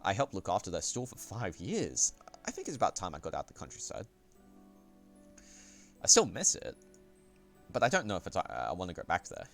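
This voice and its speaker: Man streamer, very deep voice, reading a visual novel aloud, soft-spoken and unhurried, faint music underneath. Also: wildly swooping pitch.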